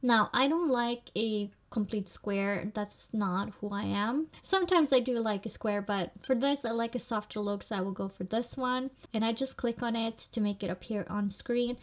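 A woman's voice: a little high, normal speed, hardly any pauses. Young woman chatting through a tutorial. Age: young adult. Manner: chatty, walks through each click. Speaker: vlogger. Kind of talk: screen tutorial. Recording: slightly dull lo-fi audio.

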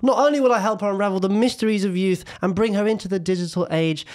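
A man's voice: high-pitched, fast, a little mellow. Guy hosting a chatty podcast with his mum, jokey and teasing. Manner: playful, teasing. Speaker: podcast host. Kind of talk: casual chat with his mother.

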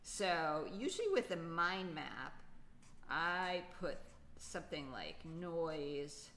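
A woman's voice: sits low, sing-song, slow, fairly bright tone, slight background noise. A woman teaching a children's poetry lesson, patiently thinking aloud with many fillers. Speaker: writing teacher.

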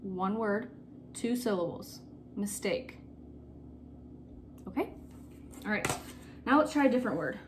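A woman teacher giving a recorded phonics lesson to children, patient and repeating key words slowly. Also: mid-range voice, expressive, background noise.

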